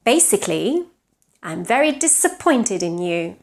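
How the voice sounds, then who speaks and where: Catalan-accented woman, native Catalan speaker, mid-pitched pronunciation teacher, deliberate modeling, frequent learner check-ins. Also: sing-song. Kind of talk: online pronunciation lesson.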